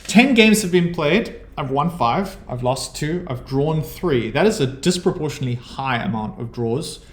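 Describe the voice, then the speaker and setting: A man's voice: medium pitch, roomy sound. A South African man from South Africa, a chess streamer chatting casually and thinking aloud about his moves as he plays. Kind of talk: casual commentary over his own chess game.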